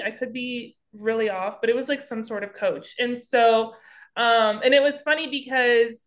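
A woman co-hosting a sports podcast, telling a rambling, excitable story full of "like" and fillers. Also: on the high side. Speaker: podcast co-host. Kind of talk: casual sports chat.

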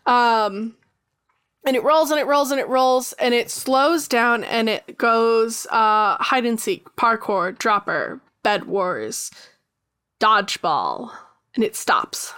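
A woman's voice: fairly high pitch, slow, fairly bright tone, clear, resonant tone. Bubbly young-sounding woman running a game. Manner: bubbly, chatty, with frequent ums. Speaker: game master. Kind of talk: narrating a tabletop game over a voice call.

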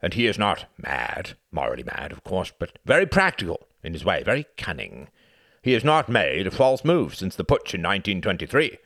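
In a studio-quality audiobook reading with no echo, a man voices a blunt, scornful aging British statesman who argues emphatically. His exaggerated, low-pitched voice moves at a normal speed with a lively, argumentative delivery.

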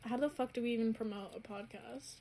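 Young woman co-host, fairly high voice, easygoing chat full of swearing, light background hiss. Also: fairly even intonation, fast, mellow. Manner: laid-back, swears freely, laughs often. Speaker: podcast co-host. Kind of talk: casual chat.

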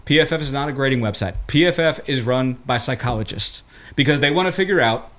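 Swearing, excitable sports podcast man. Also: mid-range voice, quick pace. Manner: excitable, swears freely, talks over others. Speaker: podcast co-host. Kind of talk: casual sports podcast chat.

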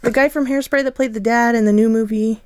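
A woman's voice: on the high side, fairly even intonation, fast talker, a little mellow, clear, resonant tone, dry recording. A woman co-hosting a podcast in casual chat, talkative and encouraging as she prompts her partner. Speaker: podcast co-host.

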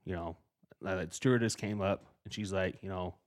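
A man's voice: low voice, a little fast. A middle-aged man co-hosting a podcast, telling a story in casual chat with lots of swearing and acted-out quotes. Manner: profane, animated storytelling, acting out quotes. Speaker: podcast co-host.

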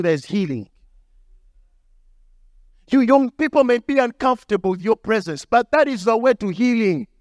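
A young male pastor preaches through a personal story, his high voice leaping up and down as he acts out each line. The sound is dry and close. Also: normal speed, pauses often, no room sound. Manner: animated, acts out dialogue with shifting pitch. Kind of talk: storytelling sermon.

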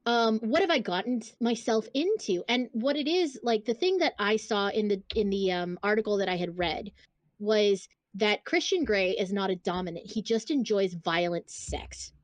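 A woman's voice: medium pitch, normal speed, no room sound. A woman co-hosting a casual podcast, talking bluntly and swearing freely as she reads book excerpts aloud. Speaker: podcast co-host. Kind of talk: casual chat.

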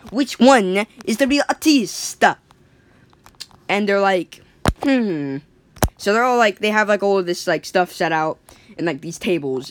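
Casual plot recap by an eager, rambling storyteller who acts out every character's line. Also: mid-range voice. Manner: rambling, lots of "like" and restarts, acts out quoted lines. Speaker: storyteller retelling a cartoon episode. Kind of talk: casual excited retelling.

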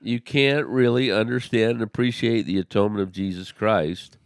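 A man's voice: fairly low pitch, steady tone, no room sound, studio quality. A man co-hosting a religious podcast, talking earnestly in a casual discussion and often restarting his sentences. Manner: earnest, halting with many restarts. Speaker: podcast co-host.

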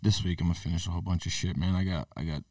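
A laid-back man with a low voice chats casually as a podcast co-host, and his words tend to trail off. The sound is dry and a little distant from the mic. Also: steady tone, very fast, darkish tone, dry recording. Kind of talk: casual chat.

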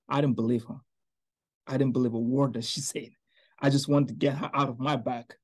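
A man from Niger, a podcast guest telling his personal faith story in an earnest, animated way. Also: mid-range voice, fairly quick. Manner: earnest, animated storyteller who acts out quoted voices.

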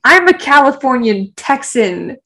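A woman co-hosting a casual show podcast, chatty and quick to laugh. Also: sits high, very animated, bright, forceful tone. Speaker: podcast co-host. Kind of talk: casual chat.

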